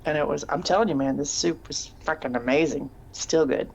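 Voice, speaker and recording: Woman, low voice, casual chat host, rambling storyteller, laughs a lot, faint background noise. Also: brisk, creaky. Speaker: podcast co-host; teacher.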